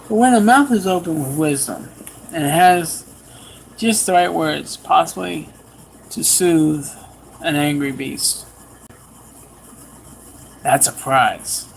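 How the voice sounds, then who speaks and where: A man preaching a sermon, telling a personal story with animated swings in pitch and pace. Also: takes it slowly, vocal fry, long pauses, a little hiss or hum, poor audio.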